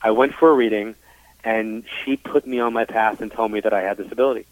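A man from New York who is a psychic medium talks fast in a lowish, steady voice, recorded dry on a tinny line that sounds like a phone. In a casual interview he tells his story frankly and chattily, full of fillers, acting out the dialogue he quotes.

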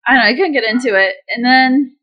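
A woman's voice: fairly high pitch, fast, lo-fi sound. A woman co-hosting a podcast in casual chat, curious and asking questions. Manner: curious, asks questions, reads aloud. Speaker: podcast co-host.

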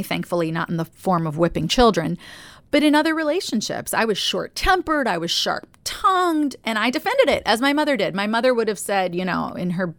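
A woman with a New Jersey accent, speaking as a podcast host in an earnest, confessional personal reflection that often drops to a soft near-whisper. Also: mid-range voice, no room sound.

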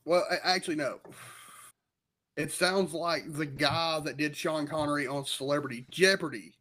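A man's voice: on the high side, moderate pace, sharp tone. A man co-hosting a podcast in casual chat, laid-back and wisecracking, swearing now and then. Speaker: podcast co-host.

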